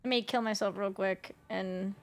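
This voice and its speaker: A woman's voice: mid-range voice, fairly even intonation, normal speed. A young woman streaming a game from home, chatting casually and cooing baby talk at her cat. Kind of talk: casual live-stream chat.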